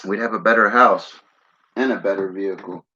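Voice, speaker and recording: A man's voice: fairly low pitch, fairly even intonation, a little fast, sharp tone, husky. A man from the Philadelphia area hosting a casual livestream, rambling and saying "man" a lot while he smokes. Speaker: livestream host. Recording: dull lo-fi stream audio.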